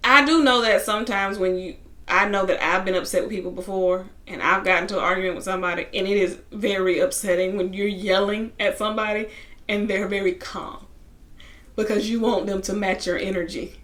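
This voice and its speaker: A woman's voice: medium pitch, fairly even intonation, a little fast, a bit bright. A woman casually recapping a reality TV episode, chatty, with lots of asides. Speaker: TV reality show reviewer.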